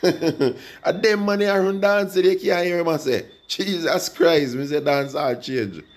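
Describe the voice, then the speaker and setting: A man's voice: on the high side, measured pace, slight background noise. A young man with a Jamaican accent, rambling casually in patois as he reviews a song for his viewers. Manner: rambling, animated, speaks in patois, addresses viewers. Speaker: music reaction vlogger.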